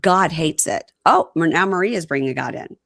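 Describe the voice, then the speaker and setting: A woman co-hosting a casual chat, retelling scenes with lively acted-out quotes. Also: low-pitched, normal speed, gravelly, no echo, studio quality. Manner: animated retelling, acting out quotes. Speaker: podcast co-host recapping reality TV.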